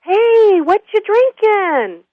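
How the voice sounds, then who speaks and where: A woman's voice: normal speed, dry recording, close to an everyday voice. A woman voicing a cheery little old man of about seventy-five, friendly and coaxing, on dull lo-fi radio audio. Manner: friendly, coaxing, high and sing-song.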